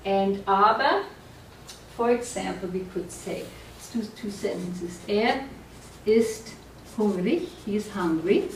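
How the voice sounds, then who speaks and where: A woman teaching a German class, explaining slowly and patiently and often checking that the students follow. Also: medium pitch, a little hiss or hum. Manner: slow, patient explaining with frequent check-ins. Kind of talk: classroom lecture at a board. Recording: echoey room, voice from far off.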